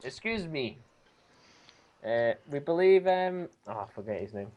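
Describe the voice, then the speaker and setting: A young man playing a tabletop role-playing game, jokey and quick to laugh. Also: a little high, sing-song, darkish tone, no echo. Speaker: player.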